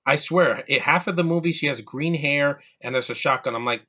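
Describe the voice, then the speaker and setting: A man's voice: fairly high pitch, a little fast, pushed and bright, highs cut off. A man giving a casual, exasperated movie rant, often restarting and repeating words. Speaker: movie reviewer.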